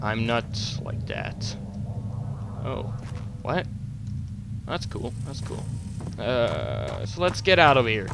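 A young gameplay commentator talks to himself through a horror let's play, joking and swearing between jumpy moments and screaming at the scares. His mid-range voice is sing-song, slow, and creaky with frequent pauses. Heavy background noise and game music sit under him.

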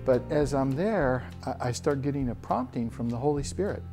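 A man in his thirties telling a personal faith story in an earnest, halting way with frequent restarts. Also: medium pitch, expressive. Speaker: church member sharing a testimony. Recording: soft guitar music behind. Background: soft guitar music.

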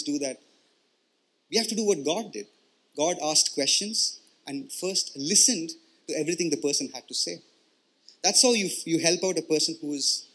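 A man preaching a sermon in an earnest, conversational way. His voice sits somewhat high and sounds bright and forward. He keeps checking in with his listeners and often repeats words as he explains. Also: slightly rough. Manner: earnest, explanatory, with frequent "you know" and "right?" check-ins and repeated words. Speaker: pastor.

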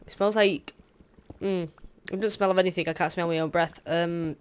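A young Let's Play host gives casual gameplay commentary in a high-side, smooth, steady voice, speaking slowly with long pauses. Tired and yawning, he rambles hesitantly, fills the talk with "um"s, and drifts into candid asides.

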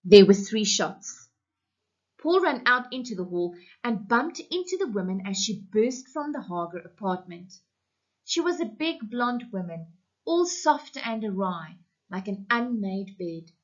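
A woman teacher from South Africa, reading a story aloud to her class in an online lesson with deliberate, expressive storytelling. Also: mid-range voice. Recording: muffled lo-fi recording.

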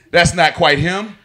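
A man's voice: on the high side, sharp tone. A man hosting a radio show, joking and laughing through loose, profane studio banter.

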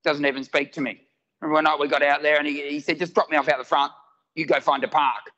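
A middle-aged man performing a lively stand-up comedy set at a live venue, shouting his punchlines. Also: on the high side, fast, dull audio.

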